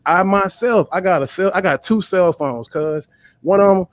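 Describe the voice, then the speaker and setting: Live-stream host, male, heated and profane storyteller, slightly high voice. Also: normal speed. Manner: profane, emphatic, storytelling rants. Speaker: livestream host. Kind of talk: heated casual commentary.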